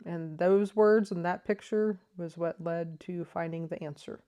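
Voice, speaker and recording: Unhurried and on the low side, with fairly even intonation, a crochet vlogger explains things from her living room. She is soft-spoken, thoughtful and enthusiastic, frequently saying "um."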